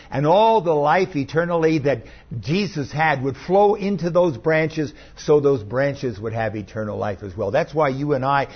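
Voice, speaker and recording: A man delivers a sermon from a church, walking his listeners through scripture passages with emphatic, explanatory teaching. His voice sits a little high and carries a husky edge. The recording sounds dull and lo-fi. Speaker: pastor.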